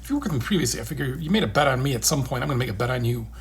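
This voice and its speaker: A man's voice: medium pitch, expressive, very fast. A middle-aged man talking casually and earnestly, reassuring listeners and repeating phrases for emphasis. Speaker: game industry veteran sharing advice. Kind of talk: casual livestream chat.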